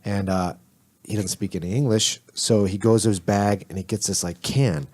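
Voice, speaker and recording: A man telling a profane, animated story in casual chat, laughing often. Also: on the low side, moderate pace.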